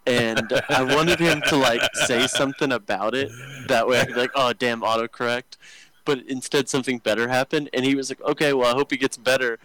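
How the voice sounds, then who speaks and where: A man's voice: mid-range voice, steady tone, a little fast, pushed and bright, poor audio. A young man telling rambling, crude work stories on a podcast, joking and full of fillers. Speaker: podcast co-host. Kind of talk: casual storytelling chat.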